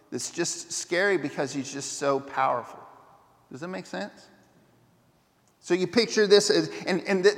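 A man preaching a sermon as pastor, retelling a story in an animated way and often restarting his sentences. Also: high voice, long reverb tail.

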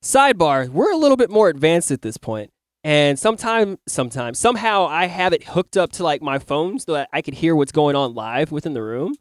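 A man hosting a podcast in casual chat, animated as he acts out his own lines and swears freely. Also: a little high, brisk, dry recording, studio quality. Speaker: podcast host. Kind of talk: casual chat, telling a dream.

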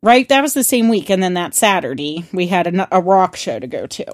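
A woman co-hosting a podcast, telling stories in a chatty, animated way and swearing freely. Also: fairly low pitch, brisk, dry recording, studio quality. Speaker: podcast co-host. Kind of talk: casual storytelling chat.

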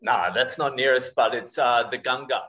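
A man's voice: medium pitch, steady tone, normal speed, sharp tone, lo-fi sound. A man joining a podcast as a guest over a video call, talking in a laid-back, profane way. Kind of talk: casual chat over a call.

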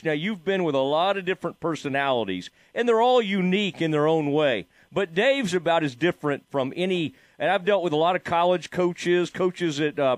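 A man's voice: on the high side, dry recording, studio quality. A man hosting a sports radio show, chatting loosely with many fillers and restarts. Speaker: radio sports talk host. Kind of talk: casual sports radio interview.

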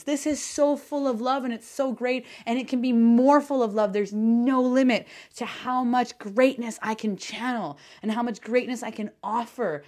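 A woman hosting a solo podcast as a coach, talking effusively with lots of fillers and casual swearing, sometimes near shouting with excitement. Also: a little high, normal speed, few pauses.

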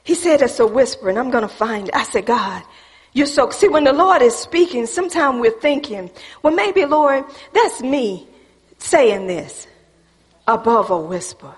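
A woman preacher delivering a sermon in a church, emphatic and folksy, swinging between loud preaching and a hushed near-whisper, calling the congregation y'all. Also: fairly high pitch, expressive, unhurried. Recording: reverberant church hall.

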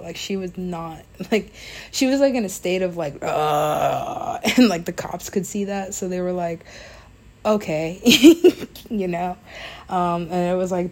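Low-voiced young woman rambling through a story. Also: darkish tone. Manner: rambling, laughing, swearing, filler-heavy. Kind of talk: casual storytime.

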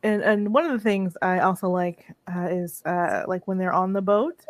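A woman co-hosting a casual movie review chat, retelling the plot in an animated way and laughing often. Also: mid-range voice, normal speed, no echo. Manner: animated storytelling with frequent laughter. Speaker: co-host of a movie review show.

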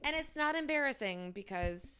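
A woman's voice: sits high, expressive, moderate pace, pushed and bright, smooth. An American woman co-hosting a podcast, telling a story in a casual, chatty way with jokey asides and frequent laughter. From United States. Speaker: podcast co-host. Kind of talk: casual chat.

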